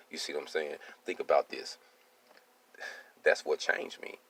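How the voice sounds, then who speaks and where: Very deep, gravelly-voiced man. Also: steady tone, normal speed, pauses often, fairly bright tone, slight background noise. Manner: streetwise, keeps asking "you see what I'm saying". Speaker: welding business owner. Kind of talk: casual personal monologue.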